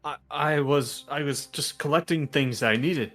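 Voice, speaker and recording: A man's voice: fairly high pitch, rapid-fire, bright, forceful tone, pitched above the performer's own voice. A man voicing a panicked captive male doctor who stammers and rambles in a tabletop game. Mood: nervous. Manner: stammering, frantic, pleading.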